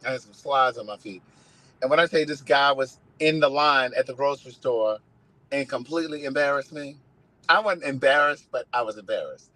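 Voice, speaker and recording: A man hosting a casual live stream, telling stories in an animated way and swearing freely. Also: mid-range voice, fairly quick, no echo, rough recording. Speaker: host.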